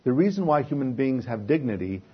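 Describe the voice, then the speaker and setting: Husky man preaching a sermon. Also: medium pitch, sing-song, a little fast, dull audio. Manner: asks rhetorical questions and answers them himself.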